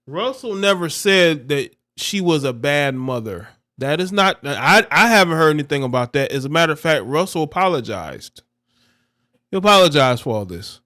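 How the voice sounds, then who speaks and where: A man's voice: fairly high pitch, lively intonation, normal speed, pushed and bright. A man giving blunt reaction commentary on a livestream, scolding and repeating himself.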